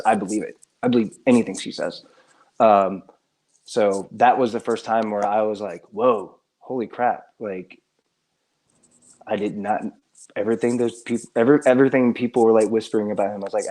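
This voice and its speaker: A man speaking as a guest on a casual livestream, halting and filler-heavy, earnest and defensive. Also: fairly low pitch, darkish tone.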